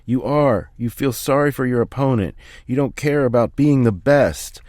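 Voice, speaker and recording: A man's voice: medium pitch, moderate pace, no room sound, clean studio sound, pitched above the performer's own voice, lightly acted. A man doing a bellowing, domineering father. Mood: scornful. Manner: shouting, bullying. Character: harsh domineering father, middle-aged man.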